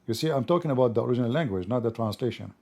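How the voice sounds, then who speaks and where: A man's voice: medium pitch, animated, very fast, mellow. A man hosting an online call-in discussion, explaining points with frequent "uh" fillers. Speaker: host.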